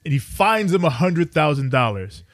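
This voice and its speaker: A man's voice: fairly high pitch, big pitch swings, normal speed, dry recording, clean studio sound. A young adult man co-hosting a podcast, recounting events in casual chat. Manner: recounting events with loose acted quotes. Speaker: podcast co-host.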